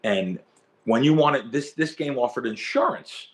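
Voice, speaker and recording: Animated middle-aged man telling a story. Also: medium pitch, unhurried. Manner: animated storyteller, repeats words when excited. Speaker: guest, sports bettor. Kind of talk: storytelling in a podcast interview.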